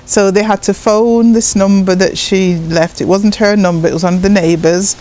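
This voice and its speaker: A woman from Jamaica, a poet, telling personal stories in an interview with an animated manner, acting out voices and laughing often. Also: mid-range voice, normal speed. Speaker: guest, poet and writer.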